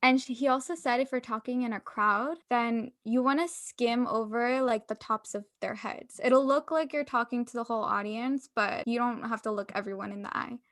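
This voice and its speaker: A woman's voice: on the high side, steady tone, normal speed, few pauses, fairly bright tone, no room sound. Upbeat young woman co-hosting a podcast. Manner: upbeat, explanatory, laughs often. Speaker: podcast co-host. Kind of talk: casual chat.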